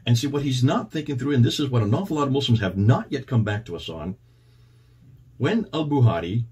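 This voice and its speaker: A man's voice: medium pitch, expressive, fairly quick, a little mellow, slightly rough. A man hosting and commenting on a played clip, explaining in detail and citing references. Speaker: host and commentator.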